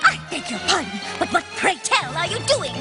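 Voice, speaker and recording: Rarity, a prim cartoon unicorn. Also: female voice, very high voice, sing-song, brisk, full character voice. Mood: haughty. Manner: refined, dramatic, theatrical whining. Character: prim, fussy, glamorous unicorn lady. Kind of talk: cartoon voice acting. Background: music score.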